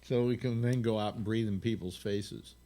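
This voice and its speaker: A man's voice: on the low side, moderate pace, heavy background noise. A man in his eighties hosting a casual video call chat, rambling through long explanations with frequent restarts. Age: 80s. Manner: rambling, lively, explains at length with many restarts. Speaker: host.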